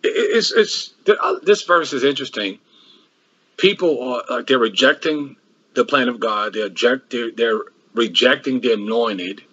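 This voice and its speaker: A man's voice: medium pitch, expressive, normal speed, a bit bright, breathy edge, lo-fi sound. A man preaching a sermon that works through a Bible passage verse by verse, with frequent restarts and rhetorical questions.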